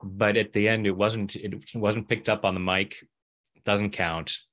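A middle-aged man telling a personal story in a casual interview, lively when he acts out what others said and laughing often. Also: on the low side, measured pace. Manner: animated when acting out quoted voices, laughs often. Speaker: interview guest, EFT practitioner.

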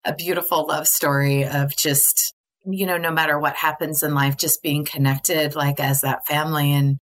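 A woman on a podcast tells candid personal stories at a moderate pace, her low voice showing little pitch movement. She is earnest and conversational, leaning heavily on "like" and "you know" and often bursting into laughter.

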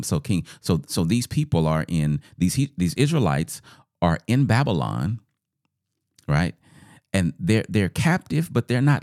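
A man's voice: sits low, a little mellow, no room sound, studio quality. A man giving a casual, conversational sermon, often repeating words and checking in with "right?".

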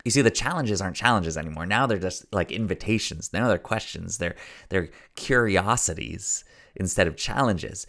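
Male podcast host and story coach, low, gravelly voice, earnest and preachy, repeats key lines for emphasis. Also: expressive, moderate pace, a bit bright. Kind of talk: motivational podcast monologue.

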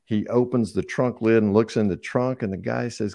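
Older man, very low voice, dry close sound, storytelling podcast guest. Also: fairly even intonation, normal speed, vocal fry, no echo. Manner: warm storyteller, laughs often. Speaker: guest speaker. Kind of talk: casual podcast conversation.

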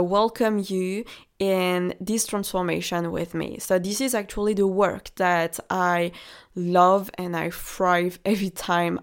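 A woman from France, speaking with a French accent at medium pitch, hosts a motivational podcast as a relationship coach. She addresses the listener directly in an encouraging way.

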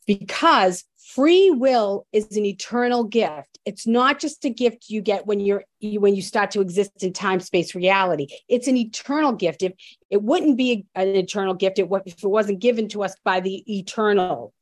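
A woman's voice: mid-range voice, normal speed, no echo. Blunt, emphatic woman guest, dry close mic. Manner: emphatic and blunt, with frequent restarts. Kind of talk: candid conversational storytelling.

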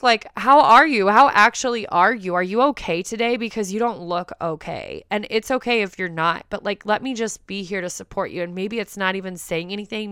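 A woman's voice: medium pitch, fairly bright tone, smooth, no echo, clean studio sound. Blunt, swearing woman podcast host. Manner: blunt, frequent swearing, emphatic. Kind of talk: candid solo podcast talk.

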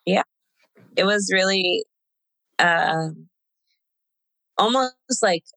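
A young woman recounts a personal story in a relaxed, rambling way, full of fillers and little laughs. Her voice is bright, and the recording is dry and close, with no room sound. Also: fairly low pitch, drawn-out words, creaky, no room sound, poor audio. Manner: chatty, many fillers, laughs while telling. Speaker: guest sharing a birth story. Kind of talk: casual conversational storytelling.

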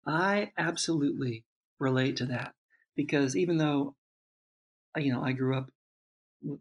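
A man, a father, in relaxed conversation, telling a long reflective story with many restarts and asides. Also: mid-range voice. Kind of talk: casual chat.

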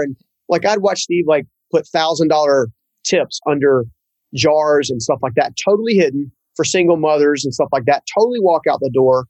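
A man who is a guest in an interview, telling a personal story in an earnest, halting way and often repeating words. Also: a little high, darkish tone, dry recording, rough recording.

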